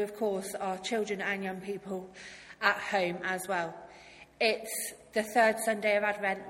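Friendly, enthusiastic woman giving a children's talk. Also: mid-range voice. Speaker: church youth speaker. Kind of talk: children's talk in a church service. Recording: hall reverb with faint noise.

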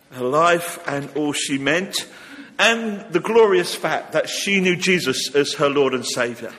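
A man's voice: fairly high pitch, a bit bright. A man leading a church service, giving notices in a chatty, informal way with light humor, and reading a psalm. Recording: long reverb of a church hall.

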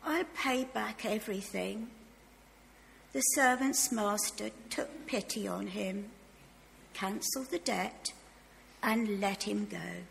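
A woman reading scripture aloud slowly and carefully in church, with a tickly throat she keeps clearing. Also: mid-range voice, a bit bright, slight background noise. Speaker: Bible reader. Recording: long reverb of a church hall.

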